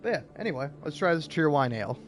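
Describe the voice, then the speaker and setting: A man's voice: fairly high pitch, very animated, fast, faint music behind. A young man in casual, rambling chat, stammering, repeating words and swearing offhandedly. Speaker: vlogger.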